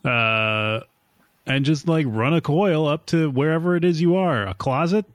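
A man's voice: a little high, a little slow, no room sound. A man co-hosting a casual podcast, joking around with his friends over a remote call. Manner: joking, chatty. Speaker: podcast co-host. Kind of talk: casual chat. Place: home room with clothes hung to baffle echo. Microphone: remote recording over internet.

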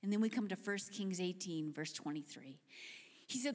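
A woman preaching a sermon, retelling a story in an animated, conversational way that drops into hushed tones. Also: medium pitch, normal speed. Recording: long hall reverb.

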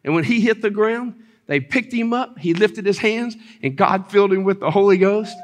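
Man, preacher, high voice, animated sermon storytelling, loud exclamations. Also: normal speed, slight background noise. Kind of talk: sermon testimony.

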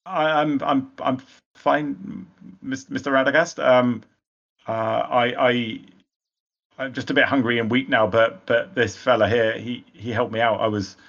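A man's voice: mid-range voice, flat delivery, unhurried, creaky, fairly bright tone, lo-fi sound. A man voicing a weak, frightened young woodsman who stammers nervously. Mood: shaken.

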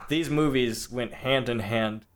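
A man's voice: medium pitch, measured pace. Chatty man co-hosting a film podcast. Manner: chatty, laughs often, stammers on restarts. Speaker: podcast co-host. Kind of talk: casual film discussion.

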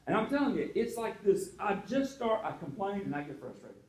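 A man's voice: high-pitched, very animated, fairly quick, echoey room, rough recording. A man pastor preaching a sermon in a conversational way, with asides to the congregation.

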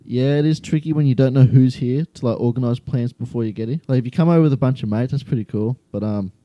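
A young man with an Australian accent, chatting casually as an interview guest, relaxed and full of fillers. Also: mid-range voice, fast talker, dry recording, lo-fi sound. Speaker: guest, skydiving student.

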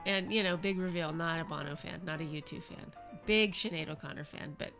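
A woman's voice: sits low, brisk, vocal fry, a bit bright, soft background music. A middle-aged woman co-hosting a podcast, chiming in with dry, teasing, sarcastic asides in casual chat. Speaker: podcast co-host.

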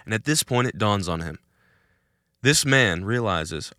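A young male podcast host tells a story outdoors, chatting casually and laughing now and then. His voice sits a little low but sounds bright and forward. The sound is dry, with almost no room echo. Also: a little slow, long pauses. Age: young adult. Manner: animated storyteller, laughs between lines. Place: outdoors in a cul-de-sac.

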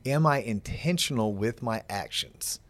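A man's voice: medium pitch, expressive, a little slow. A man hosting a podcast, reflecting on and building on his guest's points in casual chat. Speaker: podcast host. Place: podcast studio set.

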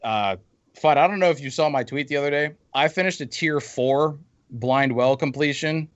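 A man's voice: fairly high pitch, moderate pace, no room sound. Man venting in a lo-fi recording. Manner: venting, rambling with restarts. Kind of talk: casual gaming chat. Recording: dull lo-fi dry mic.

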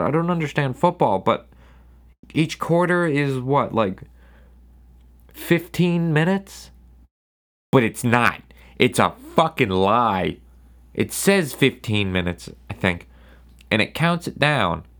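Young male podcaster, mid-pitched, sarcastic and profane, animated casual ranting. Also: slow pace. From New England. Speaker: podcast host. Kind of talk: casual solo rant.

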